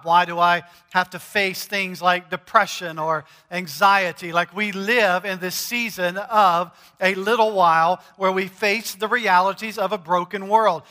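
A pastor preaching a sermon, measured and emphatic, pausing to stress key words. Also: male voice, sits high, sharp tone. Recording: long reverb of a large hall.

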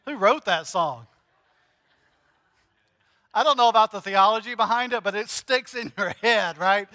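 A man preaching a conversational sermon, animated and joking as he speaks straight to the congregation. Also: sits high, unhurried, in a large hall. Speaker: pastor.

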